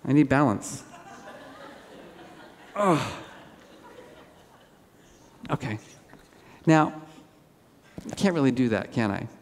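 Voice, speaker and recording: A man giving a lively conference keynote, telling animated self-deprecating stories on stage. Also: medium pitch, slow pace, pauses often, slight background noise. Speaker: keynote speaker. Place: large auditorium. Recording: hall reverb.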